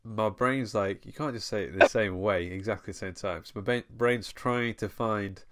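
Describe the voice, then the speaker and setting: Low-voiced man, laughing podcast host. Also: moderate pace, a bit bright. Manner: laughing often, self-mocking. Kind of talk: casual chat.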